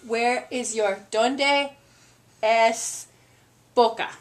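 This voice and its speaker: A woman's voice: fairly high pitch, steady tone, drawn-out words. A mother talking in playful, coaxing baby talk with her toddler, often laughing. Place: family home.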